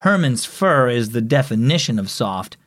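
A man voicing a calm, reassuring mother in a children's story. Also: medium pitch, moderate pace, dry recording, clean studio sound, pitched below the performer's own voice. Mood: warm. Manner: gentle, reassuring.

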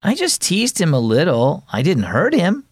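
A man's voice: high voice, big pitch swings, unhurried, a bit bright, dry recording, pitched above the performer's own voice, heavily acted. A sulky young boy, played by a man reading a children's story, whining and pleading. The voice sits well above the reader's own and swings up and down a lot. The sound is dry and close. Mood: defensive. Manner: whiny, pleading.

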